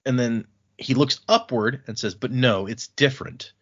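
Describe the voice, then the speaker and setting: A man's voice: medium pitch, moderate pace, lo-fi sound. Man recapping a book on a podcast. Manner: animated chapter recap, paraphrasing characters' lines. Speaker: podcast co-host. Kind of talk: casual book discussion.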